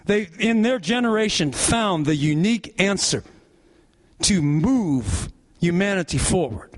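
A male pastor with a sing-song voice preaches a little slowly, leading his congregation in call-and-response as his pitch rises and falls.

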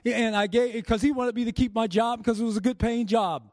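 Fervent male preacher, high voice, dry close sound, builds to shouts. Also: steady tone, a little fast, no room sound. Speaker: pastor. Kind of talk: sermon.

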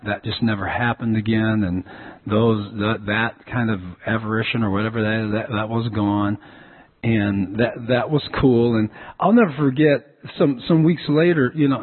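A male pastor with a medium-pitched, slightly rough voice preaches a sermon, telling stories and often repeating words as he restarts. The recording sounds tinny, like a phone.

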